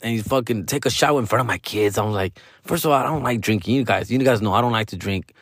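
A man's voice: lowish voice, quick pace, fairly bright tone, husky, no room sound, studio quality. A middle-aged man hosting a comedy podcast, telling a rambling, profane story full of slang and Spanish asides.

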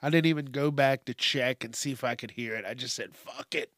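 A man with a medium-pitched, fairly bright voice speaks a little fast on his solo podcast. The recording is dry with clean studio sound, and he rambles, swears and sometimes refers to himself by name in the third person.

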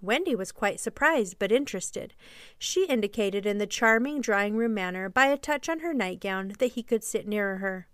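A woman narrating a classic children's story as a podcast storyteller, gently and evenly paced. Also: medium pitch, lively intonation, normal speed, smooth, no echo, clean studio sound.

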